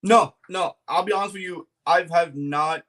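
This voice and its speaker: A man guesting on a casual podcast, talking about his breeding plans in a relaxed, rambling way with lots of fillers and laughs. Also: high voice, moderate pace. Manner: laid-back, laughs often, many fillers.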